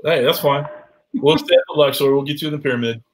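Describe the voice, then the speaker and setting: A male livestream host talks fast in a slightly high voice over poor audio with a faint hiss in the background. The casual chat is loose banter, full of laughing and free swearing.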